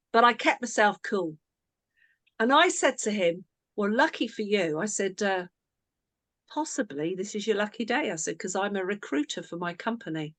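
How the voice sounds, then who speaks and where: Woman coach, conversational storyteller, mid pitch, dry close sound. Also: no room sound. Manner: chatty storyteller, self-interrupting. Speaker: team coach. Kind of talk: casual coaching talk with a story.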